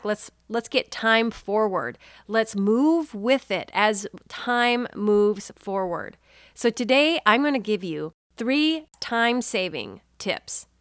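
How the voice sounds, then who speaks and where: A woman in her forties hosting a podcast, chatting warmly and inspirationally, calling the listener dear. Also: mid-range voice, clear, resonant tone, no echo, clean studio sound. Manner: warm-hearted, chatty, addresses listener as dear. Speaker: podcast host. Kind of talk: casual inspirational monologue.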